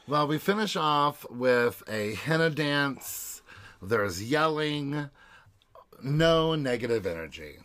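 Male co-host, mid-pitched, relaxed recap delivery. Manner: brisk, easygoing recap narration. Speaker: podcast co-host. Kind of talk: casual chat recapping episodes.

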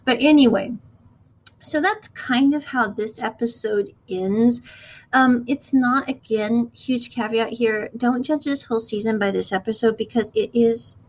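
Casual woman reviewer, slightly higher voice, rambling, acts out quotes. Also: measured pace, poor audio. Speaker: show reviewer. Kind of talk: casual recap and commentary.

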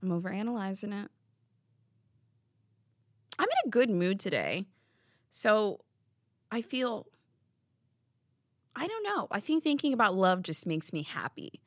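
A woman's voice: medium pitch, very animated, a little slow, long pauses, no room sound. A young woman hosting a podcast in a studio, chatting casually in a rambling, giggly, self-deprecating way. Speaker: podcast host. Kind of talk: casual chat.

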